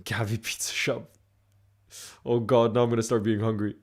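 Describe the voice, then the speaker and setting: A man's voice: lowish voice, level tone, normal speed, a little mellow. A man live-streaming a football match watchalong, chatting casually with viewers and rambling with frequent restarts.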